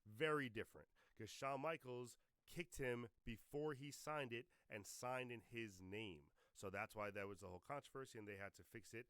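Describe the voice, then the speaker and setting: A man's voice: fairly low pitch, brisk, hardly any pauses, fairly bright tone, smooth, no room sound. A man co-hosting a livestreamed wrestling talk show, giving blunt, opinionated takes in casual chat. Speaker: podcast co-host.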